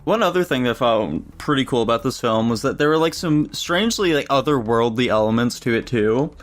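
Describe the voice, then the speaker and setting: Movie podcast guy swearing a lot, hyped on the cool scenes, average pitch. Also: expressive, fairly quick. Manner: loose and profane, enthusiastic. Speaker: podcast co-host. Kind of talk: casual movie review chat.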